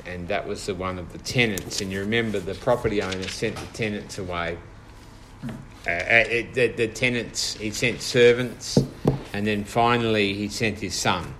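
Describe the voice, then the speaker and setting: Low-voiced man leading a Bible study. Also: background noise. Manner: thoughtful, hesitant with fillers and restarts. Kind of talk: informal Bible study teaching.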